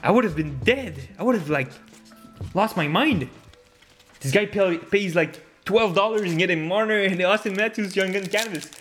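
A man giving casual commentary while opening hockey card packs, laughing often and bursting into loud gasps and swearing over good pulls. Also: sits high, normal speed, soft background music.

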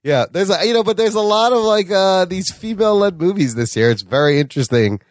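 Lively animated male podcast host. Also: high voice, brisk, no room sound, clean studio sound. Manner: animated, leads the discussion, frequent "yeah". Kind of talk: casual chat.

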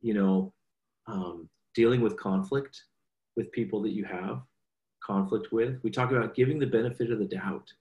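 A man in his forties speaks in a fairly low voice, earnest and animated as he tells stories about his family and work. The recording sounds roomy, with noticeable echo around him. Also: moderate pace, lo-fi sound. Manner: earnest, animated storyteller, quotes his kids. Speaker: guest speaker. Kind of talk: conversational storytelling. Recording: echoey room.

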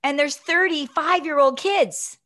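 A woman in her fifties, a guest telling a personal story in an animated, chatty way, often checking in with "right?". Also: high-pitched, unhurried.

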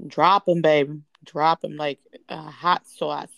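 A woman's voice: deep voice, fairly even intonation, slow pace, vocal fry, fairly bright tone, no room sound, dull audio. A young woman, co-hosting a casual podcast chat, blunt and playful. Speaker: podcast co-host.

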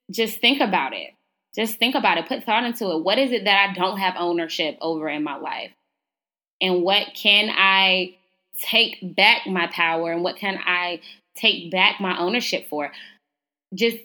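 A woman's voice: fairly low pitch, sharp tone. A young woman hosting her own podcast, talking casually and preachily to her listeners. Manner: casual, chatty and preachy, addresses listeners as y'all. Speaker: podcast host. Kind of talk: motivational solo podcast talk.

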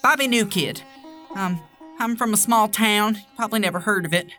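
A woman's voice: medium pitch, a little fast, bright, forceful tone, faint music behind, close to an everyday voice. A woman playing a nervous, stammering young country man. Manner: nervous, stammering, wide-eyed. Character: naive young small-town man dreaming of stardom.

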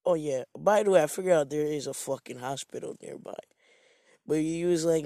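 Male storyteller from Jamaica, higher-pitched, unhurried, profane and rambling, dry sound. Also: warm tone, dry recording. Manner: rambling, profane, self-mocking. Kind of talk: casual storytime monologue.

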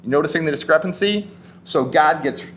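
A man preaching a sermon as pastor, retelling scripture with animated emphasis and casual asides. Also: a little high, brisk, slight background noise.

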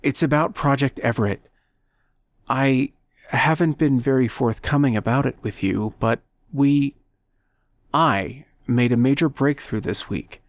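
A man's voice: medium pitch, a little slow, no room sound, close to an everyday voice. Urgent young woman scientist, read by a male narrator, breathless, audiobook, dry close sound. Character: young woman physicist, excited and shaken.

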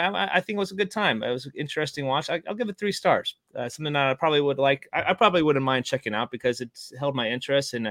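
A man of middle pitch talks over a movie he just watched, stumbling through fillers and restarts as a podcast co-host. His voice sounds close and dry. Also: fairly bright tone, dry recording. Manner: halting, filler-heavy. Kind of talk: casual movie review chat.

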